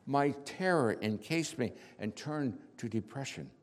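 A man preaching a dramatic first-person sermon monologue, slow storytelling that drops to hushed tones and bursts out loud. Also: mid-range voice, expressive. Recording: reverberant hall.

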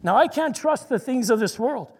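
A man with a high voice delivers a sermon in an earnest, plainspoken way. He slows his words down to lean on the lines he wants to land. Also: animated, darkish tone, husky, long reverb tail. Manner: earnest, slows down to stress scripture. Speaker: preacher.

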